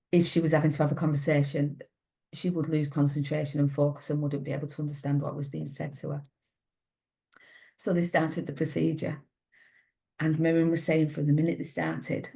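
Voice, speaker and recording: A middle-aged woman, a mother, giving an earnest, halting personal account in an interview. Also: low-pitched, little pitch movement, gravelly, warm tone. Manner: earnest, halting, with many restarts. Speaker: mother of a patient, interview guest.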